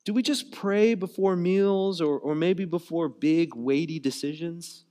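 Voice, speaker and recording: Conversational pastor with a raised voice. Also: male voice, on the high side, a little slow, warm tone. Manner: conversational, repeats words while searching for phrasing; informal, uses "you know" and "like" often. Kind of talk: sermon.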